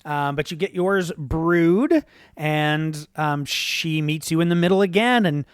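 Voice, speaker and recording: Laid-back male game master, unhurried, dry studio sound. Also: on the high side, clean tone, dry recording. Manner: relaxed, rambling with fillers. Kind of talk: narrating a tabletop game.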